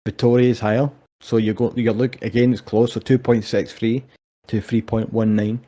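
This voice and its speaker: Scottish man, young adult, mellow low tone, swearing, animated storytelling, casual sports chat. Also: moderate pace. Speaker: co-host.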